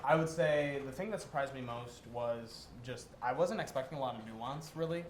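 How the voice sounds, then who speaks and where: A man's voice: mid-range voice, normal speed. A young man co-hosting a casual esports recap, joking as he rattles off player names. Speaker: co-host. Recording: echoey room, faint noise.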